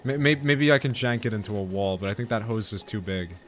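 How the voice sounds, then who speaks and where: A man's voice: fairly low pitch, brisk, a bit bright, a little hiss or hum. A man streaming a video game, chatting casually with viewers in a rambling, self-interrupting way. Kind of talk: casual gaming commentary.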